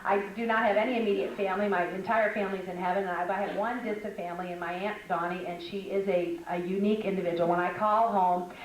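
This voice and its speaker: A woman's voice: mid-range voice, steady tone, quick pace, few pauses, far from the mic, a little hiss or hum. An older woman giving a chatty, humorous teaching talk to women, full of stories. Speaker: speaker at a women's conference. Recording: echoey hall, mic from afar.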